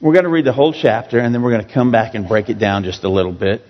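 A man's voice: mid-range voice, very fast. A man preaching a sermon as pastor, in a loose, conversational way that pokes fun at himself. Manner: conversational, self-joking preaching. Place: church sanctuary. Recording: dull echoey hall recording.

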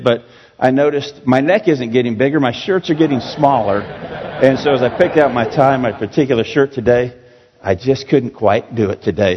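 A man preaching a sermon as pastor, in a loose, conversational way that pokes fun at himself. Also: medium pitch. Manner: conversational, self-joking preaching. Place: church sanctuary. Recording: dull echoey hall recording.

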